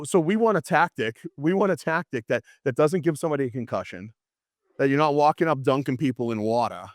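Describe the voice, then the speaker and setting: A man teaching apologetics to a class, lively and storytelling, often restarting his sentences. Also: medium pitch, no echo, clean studio sound. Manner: animated, storytelling, frequent restarts and laughs. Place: classroom with students.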